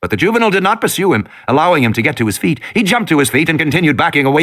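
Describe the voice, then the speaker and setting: A man reading an audiobook in an expressive, dramatic narration. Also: fairly high pitch, very fast, hardly any pauses.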